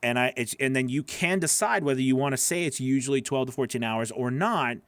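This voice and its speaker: Male voice-over coach, mid-pitched, casual and encouraging live critiques full of fillers; dry, close sound at home. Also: a little fast, no echo. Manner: casual, encouraging, repeats phrases with many fillers. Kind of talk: live critique of freelance gig pages.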